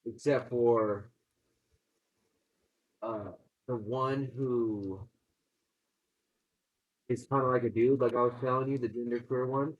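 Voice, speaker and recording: Excitable profane man recapping a movie. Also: mid-range voice, slow pace, long pauses. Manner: excited, profane, laughing storyteller. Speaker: co-host, movie reviewer. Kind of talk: casual movie review chat. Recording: dull lo-fi sound.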